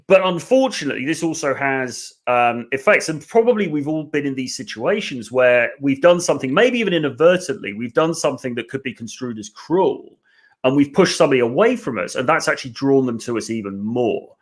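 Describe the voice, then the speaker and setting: A man hosting a casual podcast discussion about a book, talking in an animated way and often checking in with "right?". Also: medium pitch, a little fast. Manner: animated, conversational, frequent "right?" asides. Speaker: podcast host.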